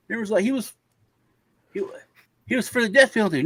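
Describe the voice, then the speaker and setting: A man's voice sitting high comes at a quick pace, with slight background noise. As a panel guest on an easygoing show, he animatedly delivers a long anecdote, imitating the other characters as he goes.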